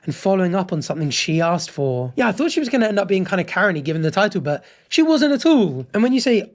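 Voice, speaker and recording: A man's voice: high-pitched, big pitch swings, fast, few pauses. A man hosting a casual commentary show, reading online posts aloud and then giving his frank opinions on them.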